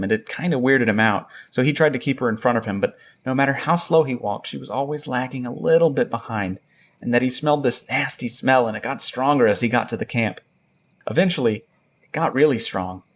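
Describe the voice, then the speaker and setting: A man reading a first-person horror story aloud in a steady storytelling tone. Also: mid-range voice. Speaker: narrator. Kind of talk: scripted narration of a horror story.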